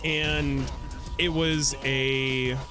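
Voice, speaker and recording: A man chatting casually on a stream, wandering through a long story with plenty of swearing and false starts. Music plays clearly behind him, and his pitch sits in a middle range. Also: little pitch movement, very slow. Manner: rambling and profane, with frequent restarts. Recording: clear background music under voice. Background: music playing.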